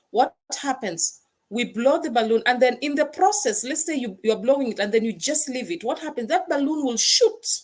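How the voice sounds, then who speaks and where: A woman hosting a motivational talk, stressing points by repeating words. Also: on the high side. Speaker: host.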